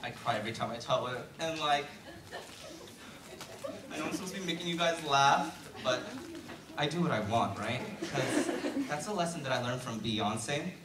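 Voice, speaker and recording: A man's voice: mid-range voice, expressive, moderate pace, pauses often. A teenage male student doing a chatty, self-deprecating stand-up comedy routine in a school auditorium, with many fillers. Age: late teens. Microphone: handheld mic on stand, heard from far. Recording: echoey hall from far off, loud crowd. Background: loud crowd laughter.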